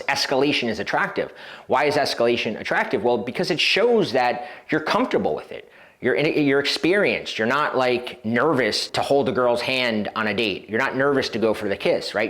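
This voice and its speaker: Animated male dating coach. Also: mid-range voice. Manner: animated storytelling, acting out quoted voices; casual with frequent fillers and restarts. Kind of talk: instructional video talk to camera.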